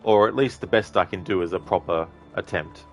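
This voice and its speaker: A man's voice: low voice, fairly quick, soft background music. A man streaming a video game, chatting casually and rambling as he answers viewers' messages. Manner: rambling, talkative, answers chat directly. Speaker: gaming streamer. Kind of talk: casual live-stream chat while playing.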